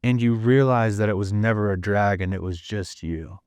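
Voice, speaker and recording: A man's voice: fairly low pitch, moderate pace, darkish tone, smooth, no room sound. A man hosting a podcast, telling a reflective story in the second person, earnest and casual with some swearing. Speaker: podcast host.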